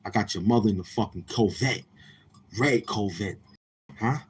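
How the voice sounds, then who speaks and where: A man's voice: lowish voice, normal speed, a little hiss or hum. A man from Queens with a New York accent, hosting a casual livestream and talking to viewers in a brash, profane, confrontational way. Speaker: livestream host.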